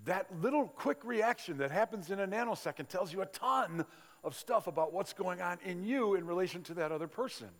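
An older male pastor preaches in a large church, telling stories in a warm, conversational way and slipping into the voices of the people he quotes. His voice sits a little high for a man. The sound carries the long reverb of a big hall. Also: expressive, a little fast. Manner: conversational storytelling with acted-out quotes. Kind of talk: sermon.

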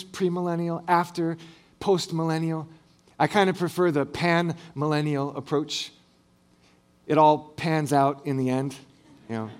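A man preaching a sermon, reading scripture and talking with light humor, rising on big phrases and dropping soft at the ends of lines. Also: a little high. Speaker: pastor.

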